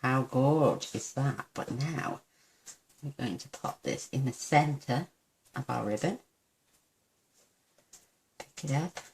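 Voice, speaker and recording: A woman's voice: a bass voice, slow pace, long pauses, slight background noise. Chatty woman demonstrating crafts. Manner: chatty, gushing over cute results, self-deprecating. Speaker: papercraft tutorial host.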